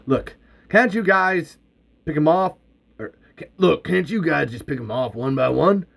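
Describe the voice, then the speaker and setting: A weary older male handyman who pleads with an exasperated edge, as a man reads him in a script. His voice swings widely in pitch. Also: expressive, measured pace, creaky, a bit bright, heavily acted. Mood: pleading.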